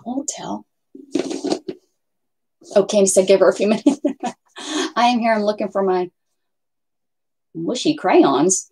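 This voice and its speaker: A woman's voice: mid-range voice, unhurried, creaky, long pauses, darkish tone, husky. A woman hosting a casual craft livestream from home, chatting and rambling to viewers and her pets. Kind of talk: casual live chat with viewers.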